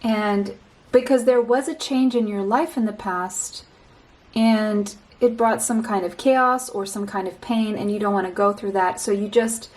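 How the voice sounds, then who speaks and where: A woman giving a pick-a-card tarot reading, speaking straight to the listener in a slow, reassuring way and often repeating a phrase. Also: medium pitch, steady tone, a little mellow, rough recording.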